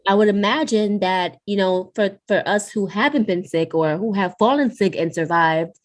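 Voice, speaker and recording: A woman's voice: mid-range voice, normal speed. Earnest woman co-host urging action. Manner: earnest, urging, with a few rambling restarts. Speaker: podcast co-host. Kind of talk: casual conversation.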